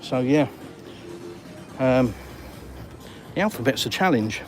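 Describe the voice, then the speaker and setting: Slow, with lively intonation and a mid-range voice, an Englishman films himself on his phone strolling an urban seafront street outdoors. In this casual walk-and-talk vlog, he banters cheekily with viewers using plenty of slang.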